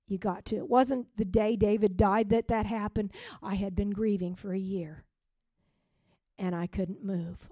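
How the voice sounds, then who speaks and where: A middle-aged woman pastor giving an emotional testimony sermon, dropping to soft whispers and rising to loud joyful outbursts. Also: medium pitch, dry recording, clean studio sound.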